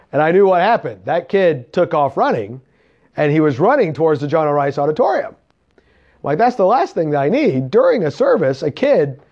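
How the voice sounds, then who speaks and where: Animated preacher man. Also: sits high. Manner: animated, acts out voices in anecdotes. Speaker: camp preacher. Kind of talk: storytelling sermon. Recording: dull lo-fi sound.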